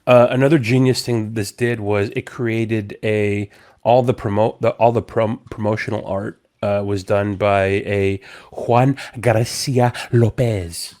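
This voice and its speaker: A man's voice: fairly low pitch, fairly even intonation, measured pace, a little mellow. A man in his thirties, slightly drunk and slurring, rambling with restarts as a casual podcast host. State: tipsy, slurring. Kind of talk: casual chat.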